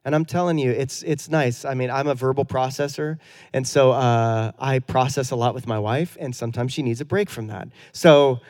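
A man in his thirties, a pastor giving a sermon in a relaxed, conversational storytelling way with self-deprecating humor. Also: medium pitch, moderate pace.

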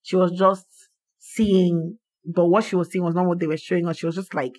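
Animated woman reacting with laughs. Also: fairly low pitch, a little fast. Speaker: podcast guest. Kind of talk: casual chat.

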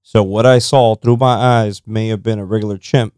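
A man's voice: lowish voice, steady tone, moderate pace, a little mellow, clear, resonant tone, dry recording, clean studio sound. A man in his forties from South Florida, co-hosting a casual chat over beers, telling stories in a laid-back way. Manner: laid-back storyteller, uses "bro". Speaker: podcast co-host.

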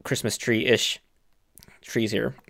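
A man's voice: on the low side, flat delivery, takes it slowly, creaky, fairly bright tone, no room sound. A man from Alaska chatting casually as a podcast co-host, easygoing and rambling. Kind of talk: casual chat.

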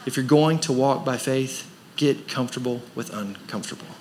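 A man's voice: medium pitch, normal speed, a little mellow, slight background noise. A man preaching a sermon as pastor of a church, pressing his points with rhetorical questions and rising emphasis. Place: church service.

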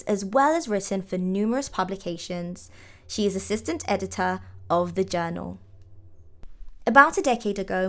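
A woman reading a first-person devotional essay aloud in a calm, measured, reflective scripted narration. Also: mid-range voice.

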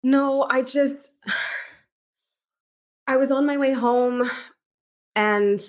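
Woman voicing a frazzled young woman, high and rattled, apologetic, swearing, tabletop game scene. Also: drawn-out words. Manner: flustered, apologetic, swearing under breath. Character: frazzled young woman having a terrible night.

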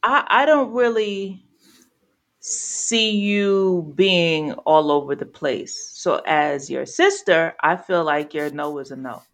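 A woman's voice: fairly low pitch, slow pace. A woman co-hosting a casual chat with her sister, thoughtful and acting out the quotes in her stories. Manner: reflective, acts out quotes with a raised voice. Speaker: podcast co-host.

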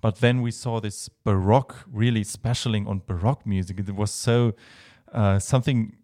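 Soft-spoken man with a German accent. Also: fairly low pitch, steady tone, normal speed. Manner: hesitant, many fillers, laughs often. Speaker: guest, Baroque violinist. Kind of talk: casual interview chat.

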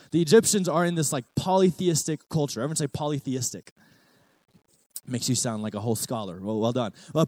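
A man preaching a casual youth sermon, reading scripture aloud in a lively, chatty way and calling on the students to repeat words back. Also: on the high side, no room sound. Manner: lively, chatty, many "like" fillers, calls for audience repeats. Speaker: youth pastor.

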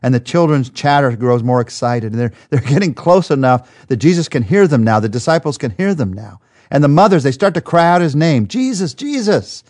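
A man's voice: mid-range voice, lively intonation, a little fast, darkish tone. Earnest man retelling a Bible story. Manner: earnest storytelling, vivid retelling with small restarts. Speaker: Bible teacher. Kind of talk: devotional Bible study teaching.

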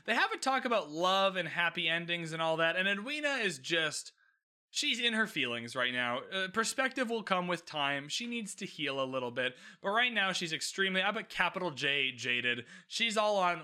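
A man hosting a casual solo podcast recap, animated and sarcastic, swearing freely and laughing often. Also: a little high, brisk. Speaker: podcast host recapping a TV episode.

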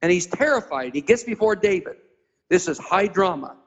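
A man with a high voice tells a Bible story as a sermon, jumping into even higher voices for the figures he acts out. He slows down to spell out and stress Hebrew words. The recording sounds dull and muffled. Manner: acts out quoted characters with sudden high-pitched voices. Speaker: pastor being interviewed. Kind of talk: preaching, dramatic Bible storytelling.

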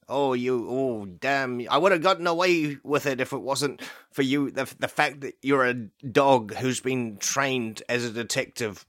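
Guy doing a stammery over-the-top crook, bit higher than normal, bright edge. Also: no room sound, clean studio sound. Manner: stammering, melodramatic. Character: bumbling self-proud male criminal mastermind. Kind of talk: comedy sketch.

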